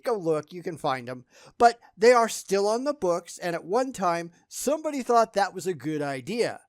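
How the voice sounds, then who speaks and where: A man's voice: high voice, sing-song, normal speed, no room sound, studio quality. A man giving sarcastic reaction commentary, blunt and scornful in how he talks.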